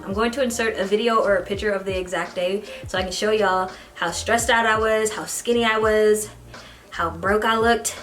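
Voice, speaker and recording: A young American woman, a beauty vlogger, telling a story while doing her makeup. She talks casually and animatedly, with bursts of excited squealing. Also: medium pitch. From United States. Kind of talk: get-ready-with-me storytime.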